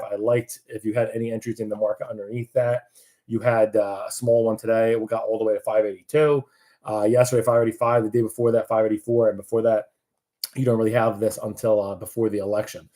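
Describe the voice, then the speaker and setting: A man's voice: fairly low pitch, dark tone. A man giving casual live market commentary, chatty and loose, with many fillers and restarts.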